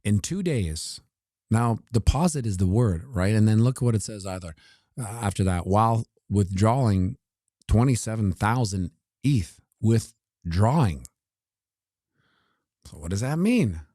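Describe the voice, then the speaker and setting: A man's voice: fairly low pitch, lively intonation, a little slow, warm tone, dry recording, studio quality. A man giving casual, joking commentary on crypto charts while looking things up on his computer. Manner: joking asides, talks while scrolling.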